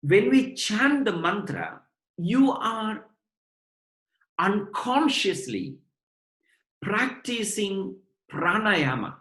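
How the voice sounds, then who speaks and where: A man giving a devotional lecture on scripture to his students, explaining point by point in a measured way. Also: sits high, very animated, fairly bright tone. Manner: measured, explanatory, addresses listeners as brothers and sisters. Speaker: spiritual lecturer. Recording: roomy echo.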